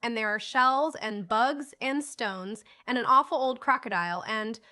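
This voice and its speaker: An excitable, bossy young boy from a storybook, read by a woman narrator. He speaks in a high, bright, forceful voice and keeps exclaiming and insisting. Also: measured pace. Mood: insistent. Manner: eager, exclaiming, raised voice. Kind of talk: audiobook character reading.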